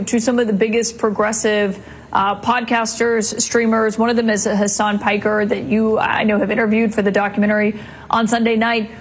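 A woman's voice: a little high, a little hiss or hum, rough recording. A woman news anchor putting probing questions to a reporter in a broadcast interview. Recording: played clip from TV broadcast.

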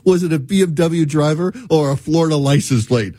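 A man's voice: a little high, fairly quick, mellow, no echo, lightly acted. A man voicing a chatty male AI voice assistant, in a casual and wry tone.

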